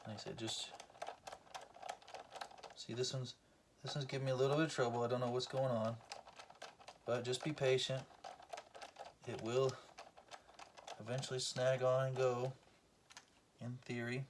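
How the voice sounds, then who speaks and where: A man's voice: mid-range voice, level tone, a little slow, pauses often, a little hiss or hum. A man giving a casual, joking how-to tutorial, talking to the camera while he works. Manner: joking, self-deprecating, talks while working. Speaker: collector demonstrating belt cleaning.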